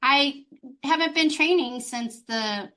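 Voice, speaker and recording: Expressive middle-aged woman coach. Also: sits high, takes it slowly. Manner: expressive, animated storytelling. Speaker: life coach guest. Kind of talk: conversational interview.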